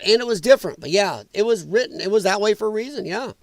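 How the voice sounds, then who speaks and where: A man's voice: high-pitched, expressive, quick pace, no echo. A man hosting a live political commentary stream, talking bluntly and with profanity, and chatting with viewers. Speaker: livestream host.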